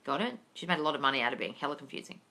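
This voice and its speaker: A woman coaching viewers through a livestream Q&A, blunt and unfiltered, with plenty of swearing and fond "darling" asides. Her voice sits fairly low but comes across bright and forceful. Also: lively intonation, very fast, vocal fry. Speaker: manifestation coach. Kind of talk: livestream Q&A, answering viewer questions.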